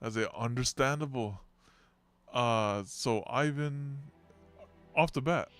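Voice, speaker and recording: A man streaming a story game, chatting casually and excitably with viewers between story reads. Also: medium pitch, takes it slowly, smooth, faint music behind. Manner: casual, excitable, joking with chat. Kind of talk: live game playthrough chat.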